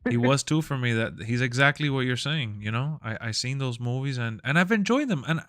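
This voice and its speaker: A relaxed male streamer chatting casually on a live stream, rambling along in slangy talk. His voice is smooth and clear at a middle pitch, and the sound is dry and close to the mic. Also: a little fast, no room sound.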